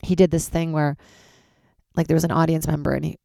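Low-voiced lady comedian rambling on her own podcast, cussing, jumps up high when she gets excited, dry sound. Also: fairly quick, creaky, dry recording. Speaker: stand-up comedian and podcast host. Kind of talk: casual solo podcast chat.

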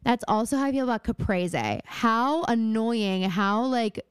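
Young female podcast co-host, rambling and giggly, crisp and dry. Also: a little high, measured pace, dry recording. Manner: chatty, rambling, lots of fillers and giggles. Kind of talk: casual chat.

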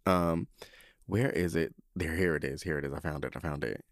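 A man hosting a podcast, telling a story in a campy, profane, animated way. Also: extremely low pitch, fairly quick, no echo, studio quality. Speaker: podcast host. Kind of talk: casual chat.

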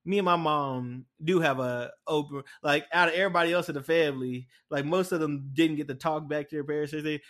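With a fairly high, fairly bright voice, a young man runs a casual solo podcast. He tells stories in a rambling way, full of filler words and restarts.

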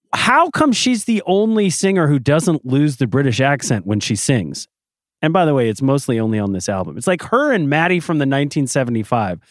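Man co-host, fairly high voice, swooping lively pitch, sarcastic, opinionated. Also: no echo, studio quality. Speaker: podcast co-host. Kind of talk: casual chat.

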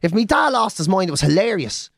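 A Dublin man in his forties tells a comic story with lots of swearing, and he keeps checking in with "right?" His pitch rises and falls a lot. The sound is dry and close. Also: sing-song, fast talker, creaky, a bit bright, no echo.

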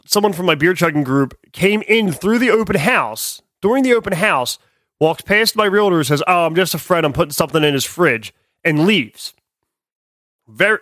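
A man's voice: a little high, fairly bright tone, no room sound, clean studio sound. A young man co-hosting a casual chat, rambling and joking as he tells stories and swears freely. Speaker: podcast co-host.

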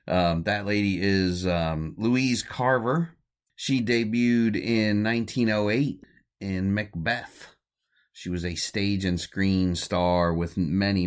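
A man hosting a podcast, retelling an old comedy short in a loose, rambling way and chuckling as he goes. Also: lowish voice. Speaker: podcast host. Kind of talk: casual film recap.

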